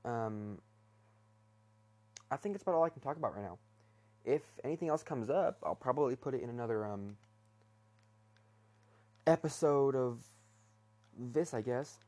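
A man's voice: mid-range voice, lively intonation, moderate pace, long pauses, darkish tone. A young man hosting his first solo talk episode, rambling hesitantly from his bedroom with many fillers and restarts. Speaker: podcast host.

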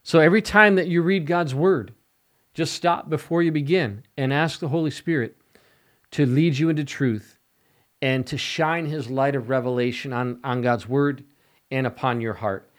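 A man preaching as an evangelist on a podcast, slow and emphatic, stressing key words. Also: mid-range voice. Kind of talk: podcast sermon.

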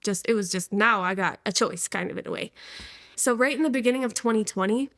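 A woman's voice: medium pitch, a little fast, fairly bright tone, no echo, studio quality. A woman in her twenties telling her personal testimony to an interviewer in a casual, slangy way, often breaking into laughter. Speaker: interview guest.

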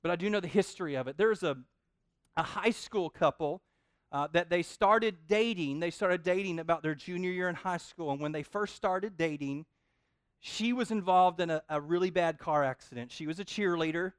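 A man preaching a sermon in an animated, joking way, often repeating his words. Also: high-pitched, moderate pace, clean tone, no echo, studio quality. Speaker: pastor.

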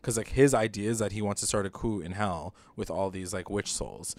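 A man's voice: on the low side, brisk. Chatty man retelling a TV episode. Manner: animated retelling, acts out quotes, laughs often. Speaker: podcast co-host. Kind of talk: casual recap chat.

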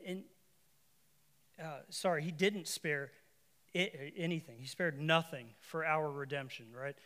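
A man with a somewhat high voice delivers a sermon to a congregation. He talks in a conversational way, breaks off for asides and corrections, and builds to emphatic, repeated lines. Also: fairly bright tone. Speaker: preacher.

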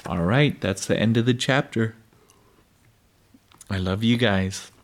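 A man reading a chapter book aloud to his children at bedtime, unhurried, with occasional slips and restarts. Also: lowish voice.

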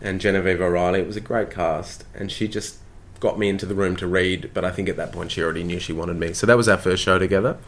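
A man with a very low voice and an Australian accent, from Tasmania, talks easily about his career. His delivery is chatty and self-deprecating, loose and unhurried, like a guest who is comfortable with the host. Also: steady tone, fairly bright tone, a little hiss or hum. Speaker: actor, interview guest. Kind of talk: casual interview storytelling.

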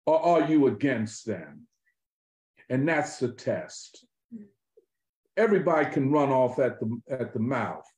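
A man talking politics in an animated, emphatic way, full of street slang and swearing. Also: medium pitch, unhurried, long pauses, roomy sound, low-quality recording. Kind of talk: political conversation.

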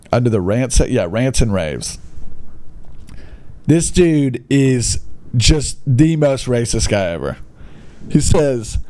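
A man's voice: mid-range voice, warm tone, no room sound. A young man giving casual comedic commentary as he reads classified ads aloud, sarcastic and incredulous. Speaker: online video host reading classified ads.

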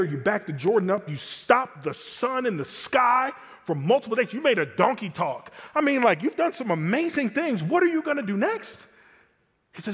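A man preaching a sermon in an animated, conversational way, full of colloquial asides. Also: high-pitched, long reverb tail. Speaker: pastor.

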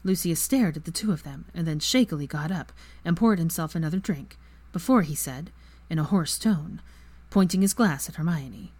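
A woman reading fan fiction aloud as narrator in a steady, even manner. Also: sits low, normal speed, slightly rough, no room sound. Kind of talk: story narration.

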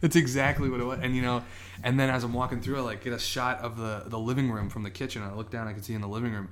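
Medium-pitched and steady in tone, a fast-talking co-host rambles through a lengthy story on his podcast. He frequently performs the quoted lines of the people involved.

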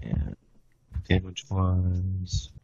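A young man playing a tabletop game, talking casually and asking quick questions. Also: low voice, animated, vocal fry, warm tone, slightly rough, no echo, lo-fi sound. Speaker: player.

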